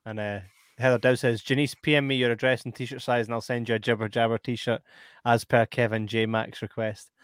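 A man's voice: mid-range voice, little pitch movement, smooth, no room sound, studio quality. A man co-hosting a podcast, reading listener comments aloud with laughing asides. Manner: reads out comments, quick laughing interjections. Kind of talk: casual chat.

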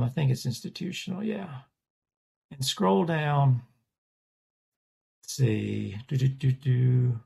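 A man's voice: mid-range voice, vocal fry, a little mellow, husky. A man, a portrait artist, chatting casually in an interview and rambling through stories with frequent restarts. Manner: rambling, self-correcting storyteller.

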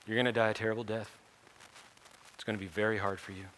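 A man voicing a calm, earnest grown man who gently presses a question, in a sermon retelling. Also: on the low side, quick pace, a little hiss or hum, close to an everyday voice. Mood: solemn.

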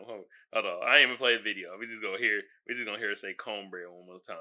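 Man, podcast host, casual rant, bright sharp tone, animated, incredulous. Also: medium pitch, quick pace, hardly any pauses. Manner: animated, incredulous, bursts into shouting and laughter.

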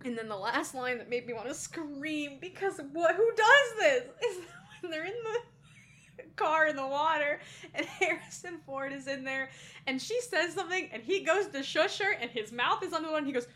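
A woman co-hosting a podcast in casual chat, animated and laughing often as she acts out lines. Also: high voice, normal speed, slight background noise. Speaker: podcast co-host.

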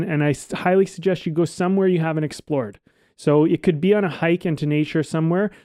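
A man co-hosting a casual podcast, rambling and relaxed, swearing now and then. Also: a little high, no room sound, studio quality. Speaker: podcast co-host.

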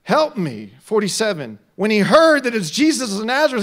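A middle-aged male pastor preaching a sermon, swinging from quiet talk to loud shouts. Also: extremely high pitch, sing-song, moderate pace, hardly any pauses.

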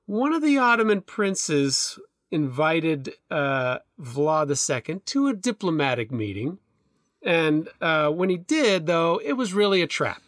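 A middle-aged man talking in a casual chat, rambling as he goes, with plenty of restarts and filler words. His voice sits a little high for a man. The sound is dry and close, with no room to it. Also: very animated, unhurried, fairly bright tone, no room sound. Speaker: podcast co-host.

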